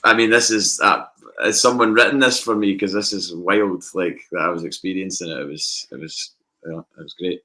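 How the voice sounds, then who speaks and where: A man with a Scottish accent telling lively anecdotes in a casual podcast chat. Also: sits low, moderate pace. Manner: animated anecdotes with acted quotes. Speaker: podcast guest.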